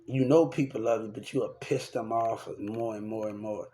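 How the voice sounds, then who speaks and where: A man's voice: lowish voice, fairly even intonation, normal speed, dark tone, a little hiss or hum. A young man talking in a rambling, repetitive and profane way, venting about people in his life in a casual rant to camera. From Texas.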